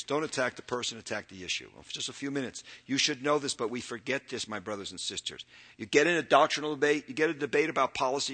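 A man, older, preaching a sermon, earnestly reading verses and moving between loud emphatic bursts and quiet, drawn-out phrases. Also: mid-range voice.

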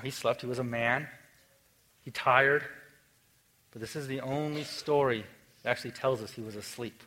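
A man preaching a sermon in a casual, conversational way, moving between lively emphasis and quiet, hushed stretches. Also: mid-range voice, low-quality recording. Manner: conversational, swings from energetic to hushed. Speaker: pastor.

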